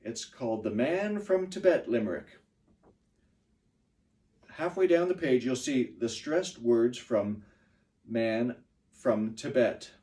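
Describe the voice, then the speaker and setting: A man's voice: mid-range voice, animated, slow pace, pauses often, mellow, recorded from a distance. A middle-aged man teaching pronunciation to a class of children, patiently explaining words and chanting the beats. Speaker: ESL teacher.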